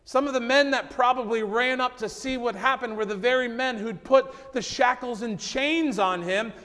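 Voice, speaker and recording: A male pastor preaching a sermon, swinging between loud, emphatic passages and hushed, slowed-down lines. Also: extremely high pitch. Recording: long hall reverb.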